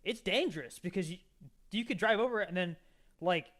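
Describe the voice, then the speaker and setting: A man co-hosting a podcast in casual chat, excitable and full of "dude". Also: high-pitched, a little fast. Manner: excitable, says "dude" a lot. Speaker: podcast co-host.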